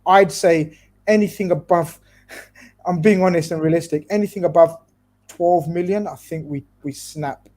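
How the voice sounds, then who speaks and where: A man's voice: a little high, normal speed, a little mellow. A man hosting a football podcast, loose and jokey, stumbling over names and asking the panel's views. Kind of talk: casual football chat.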